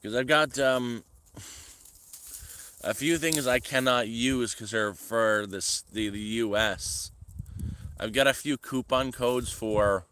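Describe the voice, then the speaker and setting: A man from Canada talks loosely and a bit frustrated as he streams from outdoors on his rural homestead. His voice sits at an ordinary middle pitch. Clear outdoor noise runs under the whole recording. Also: takes it slowly, sharp tone. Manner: rambling, frustrated, scolds his dog. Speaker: vlogger. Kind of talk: casual livestream chat.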